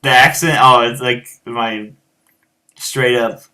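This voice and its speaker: A man's voice: medium pitch, fairly even intonation, slow pace, bright, forceful tone. A man with a rural American accent, chatting casually as a guitar teacher and host, rambling with many fillers and restarts. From United States. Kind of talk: casual chat answering viewers.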